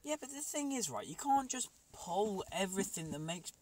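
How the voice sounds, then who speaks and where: A man's voice: high voice, moderate pace. A man co-hosting a casual podcast, arguing his opinions animatedly and repeating words as he goes. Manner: animated, argues his point with repeated likes. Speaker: podcast co-host. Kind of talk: casual chat, opinionated discussion.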